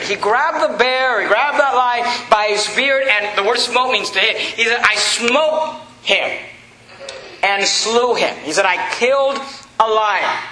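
A young man preaches an emphatic sermon in a high, very bright voice. He drives his points hard and stumbles over repeated words as he goes. The sound carries the echo of a large room, with faint noise underneath. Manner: emphatic, animated preaching with frequent stammered repeats. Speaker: pastor.

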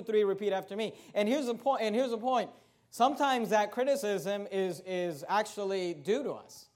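High-voiced emphatic preacher man. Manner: emphatic, repeats phrases, asks the congregation questions. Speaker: pastor. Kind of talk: Bible study sermon.

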